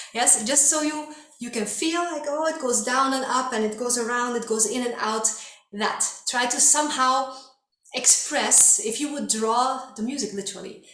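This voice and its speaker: A woman teaching a dance workshop, encouraging her students and calling out drum sounds along to the music. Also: a little high. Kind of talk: online dance workshop instruction. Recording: echoey room with loud music. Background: loud music playing.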